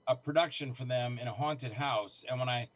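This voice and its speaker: A middle-aged man telling stories in casual conversation, animated and acting out the voices of people he quotes. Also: medium pitch, normal speed, rough recording. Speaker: guest filmmaker. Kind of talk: casual storytelling.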